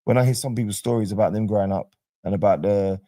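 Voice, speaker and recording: A man's voice: on the low side, fast, no echo. A man from Brixton with a South London accent, telling stories in a casual interview. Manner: chatty storyteller, relaxed street slang. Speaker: guest, docuseries cast member.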